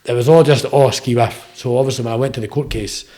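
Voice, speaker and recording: A young Scottish bare-knuckle boxer, appearing as a podcast guest, tells rapid, rambling stories and keeps tacking "eh?" onto his sentences. His voice is medium-pitched, steady, and dark in tone, suiting the casual interview chat.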